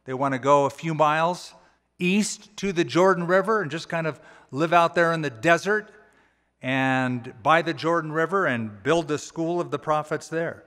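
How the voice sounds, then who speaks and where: A man preaching a sermon as a pastor, with a conversational, folksy way of retelling the text and animated quoted voices. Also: a little high, moderate pace. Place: church auditorium. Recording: church hall with long reverb.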